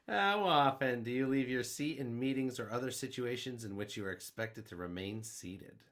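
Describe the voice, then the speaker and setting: A young man chatting on a podcast with a very lively, swooping delivery. He rambles through stories and jokes as he reads quiz questions aloud. His pitch sits in an ordinary middle range for a man. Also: measured pace. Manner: rambling, joking storyteller with lively swings in pitch. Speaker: podcast co-host. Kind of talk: casual chat.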